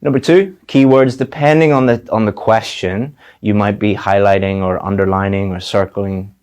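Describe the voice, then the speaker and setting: Male teacher, lowish voice, direct, repeats words for emphasis; video lesson. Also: fairly even intonation, moderate pace, darkish tone. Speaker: IELTS teacher.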